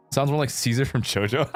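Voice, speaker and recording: A man's voice: mid-range voice, bright, forceful tone, no room sound. A male streamer in casual chat, laid-back and rambling with fillers, swearing and laughing often.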